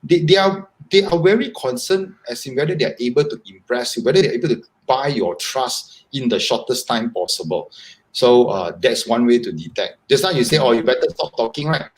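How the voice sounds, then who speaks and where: A man, a guest on a live video-call interview, explaining at length in an animated, repetitive way. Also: mid-range voice, a little fast, low-quality recording. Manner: animated, repetitive, talks in long explanatory runs. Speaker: guest author.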